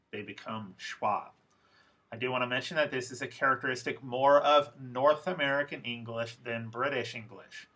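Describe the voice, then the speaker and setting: A man teaching English pronunciation in a lecture, speaking deliberately and repeating example words slowly for learners. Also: medium pitch, sharp tone. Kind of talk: recorded classroom lecture.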